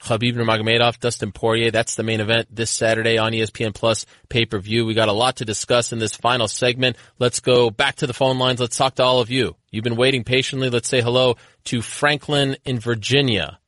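A man hosting a sports radio show, energetic and excited as he reads promos and takes calls. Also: medium pitch, fairly quick, few pauses, no room sound, clean studio sound. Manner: energetic, excited, hypes upcoming segments. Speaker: radio host.

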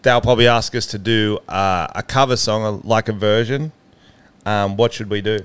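A man's voice: on the low side, normal speed, fairly bright tone, smooth, no echo. An Australian man co-hosting a podcast, bantering casually and laughing often, sliding into mock advert patter. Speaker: podcast co-host.

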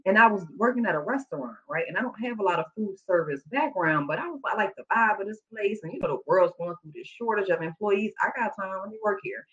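Middle-aged woman, podcast host, relaxed casual chat, muffled lo-fi audio. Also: mid-range voice, fast, few pauses. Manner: relaxed, conversational, casual swearing. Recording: dull, muffled mic.

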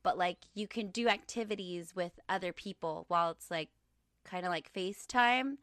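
A woman's voice: on the low side, normal speed, a bit bright, smooth, no echo, studio quality. A woman co-hosting a podcast, chatting casually and laughing often. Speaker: podcast co-host. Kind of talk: casual chat.

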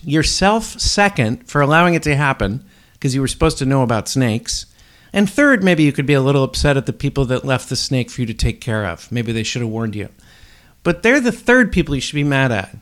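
A man's voice: on the high side, fairly bright tone. A man hosting a solo podcast, rambling bluntly and swearing freely. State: up before dawn, tired. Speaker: podcast host.

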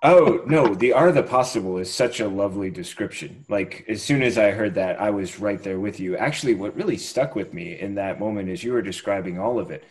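Male interviewer, deep voice, thoughtful casual conversation. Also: fairly quick, few pauses.

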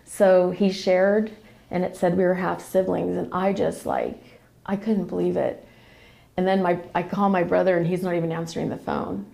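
A woman's voice: fairly low pitch, level tone, normal speed, creaky, mellow. A woman, a podcast guest, recounting a family story casually and acting out the quoted dialogue as she goes.

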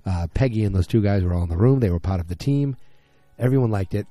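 Deep, dark-voiced man recapping casually. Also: fast talker, no room sound, faint music behind. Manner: rambling, conversational, acts out characters' lines. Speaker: episode recap podcaster.

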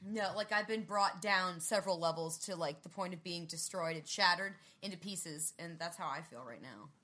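A woman co-hosts a casual podcast chat with a bright, sharp voice. She is dramatic and fires off quick quips. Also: lowish voice. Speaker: podcast co-host.

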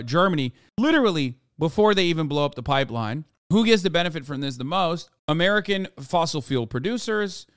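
Profane ranting man, high clear voice. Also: dry recording, studio quality. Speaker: streamer host. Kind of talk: casual political commentary.

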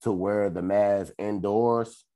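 Co-host, man, lower voice, cusses freely and rambles. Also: fairly even intonation, takes it slowly. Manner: profane, rambling, loud bursts. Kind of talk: casual podcast chat.

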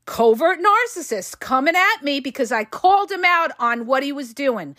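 A woman's voice: extremely high pitch, lively intonation, moderate pace, few pauses, pushed and bright, dry recording, studio quality. A woman hosting an advice podcast, talking bluntly and emphatically, swearing casually and often checking in with "okay?" and "all right?". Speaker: podcast host.

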